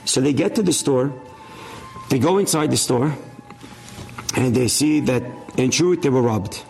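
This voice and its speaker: A man's voice: medium pitch, unhurried, gravelly, soft background music. A man telling an inspirational religious story as a sermon, acting out the voices of its characters. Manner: animated, acts out dialogue of the story's characters.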